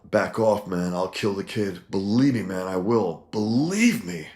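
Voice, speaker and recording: A man's voice: sits low, lively intonation, fairly quick. A man voicing a brutal young male street gang thug who talks in menacing slang. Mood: shouting.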